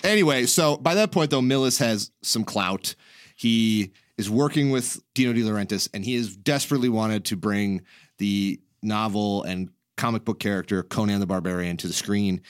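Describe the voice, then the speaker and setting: A man's voice: fairly low pitch, moderate pace, clear, resonant tone, no echo. Rambling laughing man, dry close sound. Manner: rambling, laughs often, swears casually. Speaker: podcast host. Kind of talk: casual chat.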